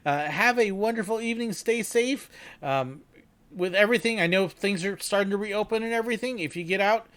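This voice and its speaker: A man's voice: high-pitched, fairly quick, a bit bright. A middle-aged man hosting a casual livestream Q&A from home, rambling and chatty with many fillers and laughs. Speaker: livestream host.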